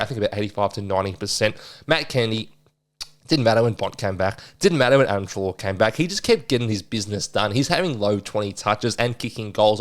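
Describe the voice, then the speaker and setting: A man runs through his weekend footy tips in a loose, chatty way. His voice sits a little low, and he gets excited and fixes his own slips as he goes. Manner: chatty, excitable, self-correcting with asides. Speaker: sports tipping podcast host. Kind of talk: casual betting preview chat.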